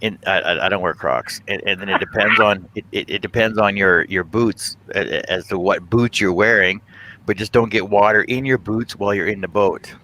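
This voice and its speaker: A man's voice: on the low side, normal speed, background noise. An older man chatting casually, often stammering and repeating words. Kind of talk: casual chat.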